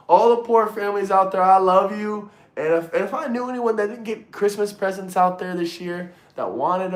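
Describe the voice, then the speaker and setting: A man hosting a casual livestream and talking to his chat, excitable, swearing freely and repeating himself. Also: high-pitched. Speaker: livestream host reading chat. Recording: roomy echo.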